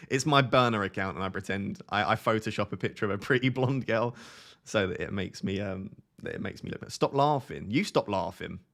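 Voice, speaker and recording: A man's voice: lowish voice, vocal fry, fairly bright tone. A young man with a light Essex accent, answering viewer chat in a chatty, self-mocking way on a live stream. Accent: light Essex English. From Essex, England.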